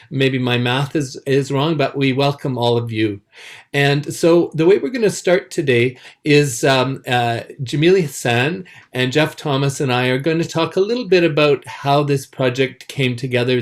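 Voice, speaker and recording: A man moderating a panel over a video call, speaking hesitantly with many ums and restarts. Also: mid-range voice. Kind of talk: hosting a panel.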